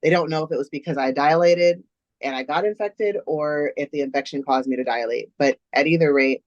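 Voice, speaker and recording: A woman's voice: low-pitched, fairly quick, dry recording, highs cut off. A woman, a guest in an interview, earnestly recounting a personal story step by step.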